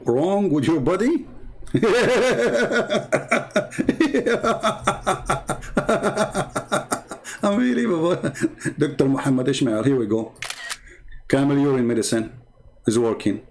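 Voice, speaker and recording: A man debating on a live stream in a sarcastic, scolding, emphatic way, stopping now and then to read viewer comments. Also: on the high side. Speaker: online religious debater.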